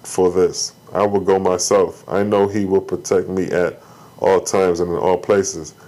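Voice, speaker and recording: An aged prophet declares his trust in divine protection, as a man reads his words aloud. The voice is low, calm and steadily solemn. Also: a little slow. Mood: devout. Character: old prophet father, devout and calm.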